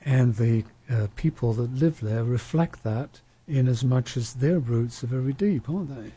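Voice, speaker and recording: A man's voice: medium pitch, normal speed, dark tone, husky, no room sound. A man from outside the US talking reflectively in a casual panel discussion, often restarting his sentences.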